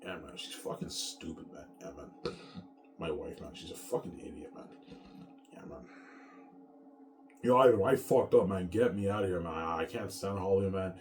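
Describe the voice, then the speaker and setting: A man's voice: low-pitched, moderate pace, long pauses, loud music behind the voice. A man in his thirties, an author talking casually to his viewers in a rambling, profane rant, repeating words and tacking "man" onto his sentences. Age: 30s. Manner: repeats words and restarts often. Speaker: author vlogger.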